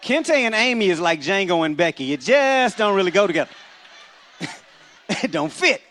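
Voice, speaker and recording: Animated Black stand-up comedian. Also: male voice, sits high, normal speed. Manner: animated, acts out voices. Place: comedy club stage.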